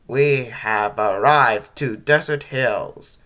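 A man voicing a cheerful grown man who drives the bus in a homemade story, talking slowly. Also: mid-range voice, sharp tone. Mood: cheery.

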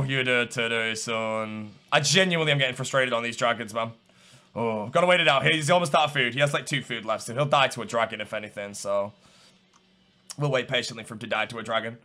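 A man giving live gameplay commentary, excitable, going from low muttering to loud shouts. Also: fast talker. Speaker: gamer.

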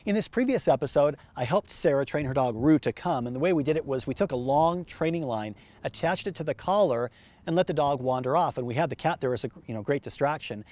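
A man's voice: fairly high pitch, expressive, quick pace, a little mellow. A man hosting a dog training show, explaining methods in an upbeat, chatty way with many fillers and restarts. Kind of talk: instructional TV show.

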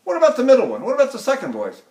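Older male voice teacher, high-pitched speaking voice. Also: huge pitch swings, rapid-fire, a little mellow. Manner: chatty and anecdotal, breaks into sung opera demonstrations; addresses students directly with frequent "see?". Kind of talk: recorded lecture on vocal technique.

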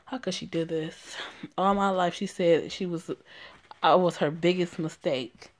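A woman voicing a tearful, bitter young woman who speaks quietly. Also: on the low side, steady tone, a little slow, lightly acted. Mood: hurt. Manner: quiet and subdued.

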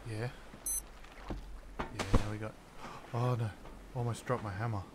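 A man giving casual let's-play commentary as host of his channel, jumpy and quick to exclaim at every scare. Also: fairly low pitch, fairly even intonation, noisy background.

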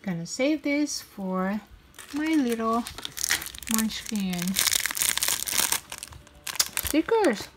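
A woman's voice: fairly high pitch, animated, very slow, long pauses, very noisy. Giggly woman unboxing toys, crinkly wrappers. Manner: chatty, giggly, cheerful exclamations. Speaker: toy unboxing channel host. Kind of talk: casual toy unboxing vlog. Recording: packaging crinkles and clicks throughout. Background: crinkling packaging.

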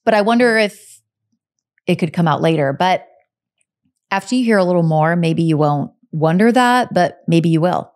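A woman's voice: lowish voice, expressive, moderate pace, pauses often, a little mellow. A woman hosting a podcast, telling a true crime case in a casual, conversational way and often adding her own take. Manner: conversational, hedges with personal takes. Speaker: podcast host.

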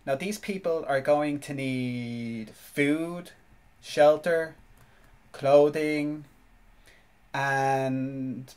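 A man's voice: mid-range voice, fairly even intonation, drawn-out words, long pauses, a little mellow, clear, resonant tone. A man from Ireland, a podcast guest, explaining a topic hesitantly with many restarts.

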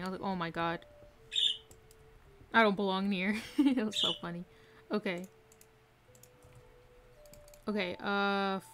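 Faint noise plus mouse clicks and typing run under this casual live gameplay commentary. The streamer has a fairly high, fairly bright voice and giggles often while she talks to herself and reads chat.

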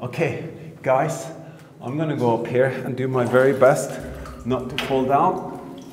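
A man exploring an underground bunker, talking to his camera in excited bursts and often repeating himself, recorded on a handheld camera. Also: mid-range voice, unhurried. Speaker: history explorer vlogger. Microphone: handheld camera mic. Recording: echoey bunker with long reverb, faint noise.

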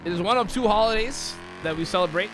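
A man's voice: sits high, quick pace, a crowd in the background. A young man chatting casually while he streams a game, loose and chatty with offhand swearing. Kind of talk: casual chat while playing. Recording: faint background noise.

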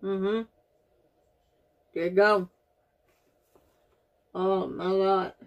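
A woman's voice: medium pitch, level tone, extremely slow, highs cut off. Dramatic woman reacting to snacks. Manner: dramatic, groaning reactions, talks straight to viewers. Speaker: vlogger. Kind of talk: casual taste-test unboxing.

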